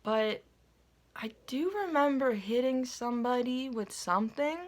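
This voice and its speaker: A woman's voice: a little high, unhurried. A woman casually telling a dream to her viewers in a rambling way, full of fillers and asides. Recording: phone recording, unedited.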